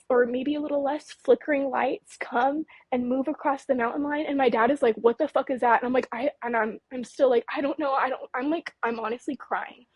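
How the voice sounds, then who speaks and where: Appearing as a guest on an interview, a late-20s woman who researches UFOs and hails from the Mojave Desert in California shakily relates what happened to her, fear quivering through her breathy, rather high voice as she trips over words and starts sentences again. Her tone is a little mellow. The low-quality audio is close-miked and dry, without any room sound.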